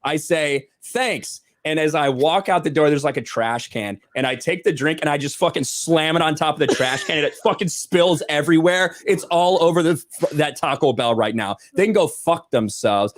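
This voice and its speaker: An American man telling an indignant, profanity-heavy story as a show co-host, loud and animated. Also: fairly high pitch, normal speed, few pauses. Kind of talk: profane ranting anecdote.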